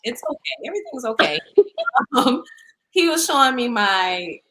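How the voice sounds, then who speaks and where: This podcast co-host, a woman in her 30s, has a fairly high pitch and speaks at a normal speed. She spins animated stories in a casual chat, laughing a lot and performing the quotes.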